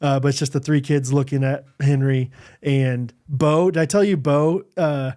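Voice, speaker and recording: A man in his thirties co-hosting a podcast, telling a story in casual chat, acting out what people said with sudden jumps up in pitch and frequent laughter. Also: fairly even intonation, moderate pace, warm tone. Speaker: podcast co-host.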